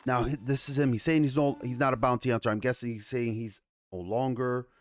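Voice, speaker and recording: A man hosting a casual trailer reaction, excitable and chatty, swearing freely. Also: mid-range voice, brisk.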